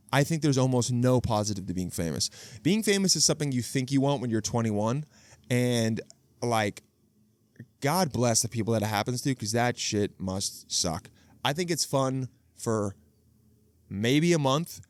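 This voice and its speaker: A man's voice: medium pitch, normal speed, no echo. A man in his thirties hosting a podcast alone, talking in a rambling, profane, comedic monologue full of restarts, recorded outdoors near water. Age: 30s. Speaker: podcast host. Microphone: video podcast camera setup.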